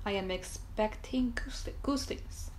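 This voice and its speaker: A woman voicing a fussy mother goose guarding her eggs, in a soft, breathy, half-whispered voice that repeats and stutters its words. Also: mid-range voice, a little slow, natural voice, poor audio.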